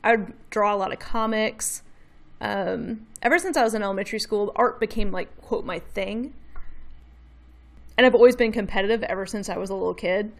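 A woman in her thirties from Tennessee with a light Southern accent, a designer chatting as an interview guest, upbeat and quick to laugh. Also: medium pitch. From Memphis, Tennessee. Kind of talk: casual interview chat.

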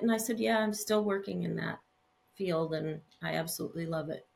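A middle-aged woman, a hairstylist guest, telling stories in an animated, chatty way with frequent laughs and restarts. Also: on the low side, a little fast, creaky. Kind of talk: conversational storytelling.

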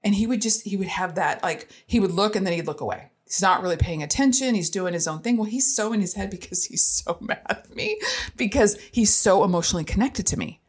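A woman's voice: medium pitch, lively intonation, fairly quick, breathy edge. A woman in her thirties or forties, a parent telling a frank, self-deprecating story, laughing easily as she goes. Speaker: parent sharing experiences. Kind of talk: candid storytelling monologue.

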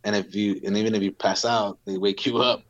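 A man in his forties, a Marine veteran, telling stories casually in an interview, full of fillers and quick laughs. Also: on the low side, little pitch movement, no room sound, lo-fi sound.

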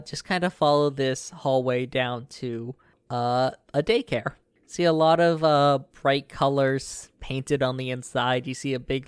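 A man narrating a tabletop game as game master, casual and halting, with lots of fillers. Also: medium pitch, smooth, no echo, clean studio sound.

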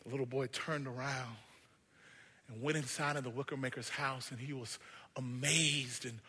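Man preaching, husky, bright, hushed-to-shouting delivery. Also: medium pitch, steady tone, normal speed, big-room sound. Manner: dramatic, swinging from hushed to shouted. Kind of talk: sermon with storytelling.

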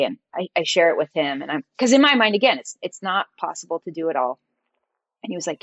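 A woman guest on a podcast, telling a personal story in an animated, conversational way. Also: lowish voice, fast, no room sound, muffled recording.

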